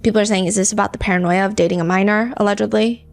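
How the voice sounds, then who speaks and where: A woman's voice: medium pitch, steady tone, rapid-fire, vocal fry, faint music behind. Chatty woman podcast host. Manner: chatty, reads lyrics and comments aloud. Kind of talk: casual true-crime podcast chat.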